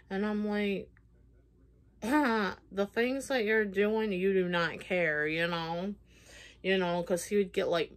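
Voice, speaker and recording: Slow-talking woman telling a rambling story. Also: lowish voice. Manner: rambling, many fillers, acts out quoted lines. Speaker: vlogger. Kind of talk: casual storytime vlog.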